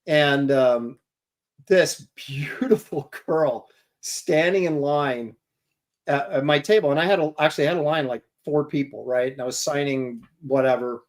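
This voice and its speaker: A man's voice: a little high, measured pace. Chatty man telling self-mocking stories. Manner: rambling anecdotes with self-mocking humor. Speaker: comic artist podcast host. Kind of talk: casual chat, telling convention stories.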